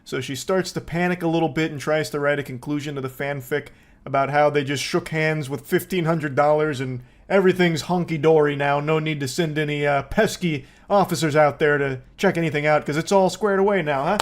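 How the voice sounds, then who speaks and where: A man narrating and joking over footage in a sarcastic tone. His voice sits a bit high for a man. He swears casually as he riffs. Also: brisk. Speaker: commentator. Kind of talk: reaction commentary.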